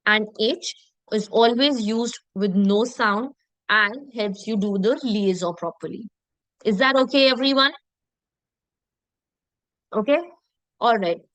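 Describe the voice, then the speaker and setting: A woman's voice: fairly high pitch, a bit bright, dry recording, poor audio. A woman teaching French pronunciation in an online lesson. She repeats terms patiently and often checks in with her students by asking "okay?".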